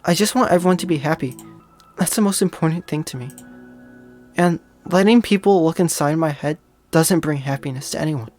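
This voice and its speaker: Brief: a soft-spoken, hesitant teenage girl, read aloud by a gamer from a visual novel, confiding something painful. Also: medium pitch, fairly quick, faint music behind, natural voice. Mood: sad.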